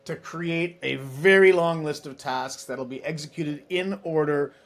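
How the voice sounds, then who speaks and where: Lively, higher-voiced man telling a story. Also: unhurried, soft background music. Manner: animated, acts out dialogue in other voices; chatty, many restarts and asides. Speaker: guest, tech executive. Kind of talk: casual interview storytelling.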